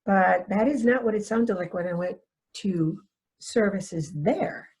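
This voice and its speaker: Husky-voiced woman giving a webinar talk. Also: mid-range voice, measured pace, darkish tone. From North Dakota, USA. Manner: conversational, asks rhetorical "right?" questions; storytelling with personal anecdotes. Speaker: foster care trainer.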